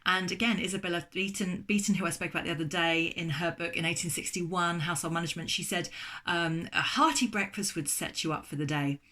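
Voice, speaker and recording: An English woman in middle age talks in a casual, chatty vlog. Her voice sits low, and her tone stays eager. She fills her pauses with ums as she goes. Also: steady tone, sharp tone. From England. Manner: chatty, enthusiastic, lots of ums. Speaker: food vlogger. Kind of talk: casual chat.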